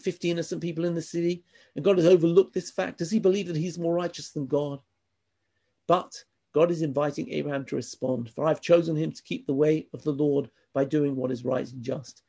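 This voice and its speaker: During a class lecture, a man reads passages from a text aloud and adds his own earnest, emphatic asides. His voice is fairly high and warm, with a breathy edge.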